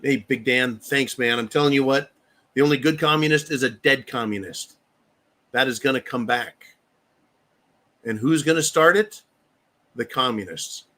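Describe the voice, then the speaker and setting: A livestream host goes on an angry political rant, his medium-pitched voice pushed and bright. He curses heavily, reads viewer comments out loud, and stays heated throughout.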